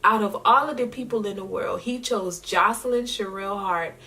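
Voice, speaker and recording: A woman's voice: mid-range voice, sharp tone. A young woman vlogging about her year as a singer, heartfelt and at times tearful. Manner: emotional, tearful, heartfelt, slow-spoken. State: crying at times. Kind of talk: personal vlog talk.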